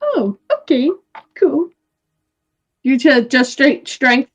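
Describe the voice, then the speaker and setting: A woman's voice: sits high, big pitch swings, slow pace, slightly rough, soft background music. A woman playing a tabletop game, talking casually and a little hesitantly as she checks the rules. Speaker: player. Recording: dull lo-fi mic.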